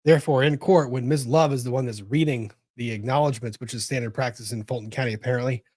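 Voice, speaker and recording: A man's voice: mid-range voice, fairly even intonation, quick pace, darkish tone, dry recording, studio quality. A man hosting a live legal commentary show, thinking aloud, exclaiming and swearing as he reacts.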